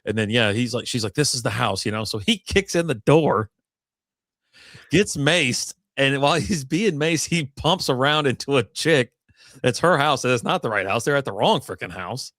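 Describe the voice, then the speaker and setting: A man's voice: mid-range voice, expressive, moderate pace, a bit bright, dry recording, clean studio sound. A man co-hosting a casual movie review podcast who laughs often and chimes in with reactions to the plot. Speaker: podcast co-host.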